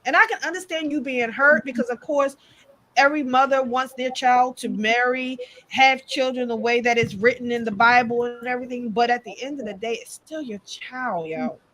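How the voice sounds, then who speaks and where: A woman's voice: a little high, normal speed, fairly bright tone, poor audio. A woman co-hosting a podcast in casual chat, emphatic and full of "like" fillers. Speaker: podcast co-host.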